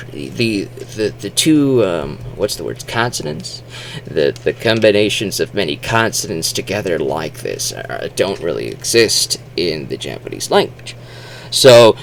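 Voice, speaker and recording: A man's voice: fairly low pitch, gravelly, a bit bright, a little hiss or hum. A man giving casual spoken commentary as a video host, rambling with restarts and fillers. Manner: acts out silly exaggerated quotes.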